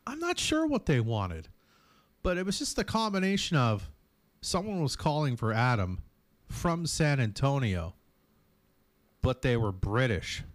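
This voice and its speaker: A man hosting a morning radio show, telling stories in a casual, animated way and slipping into put-on voices. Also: mid-range voice, measured pace, pauses often, no room sound. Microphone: studio microphone.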